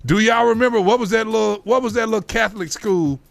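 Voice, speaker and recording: A man with a St. hosts a casual radio chat, his voice sitting a little high. He reminisces and quizzes his cohosts in easy, slangy banter. Faint music plays underneath. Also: fast, creaky, dry recording. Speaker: radio show host.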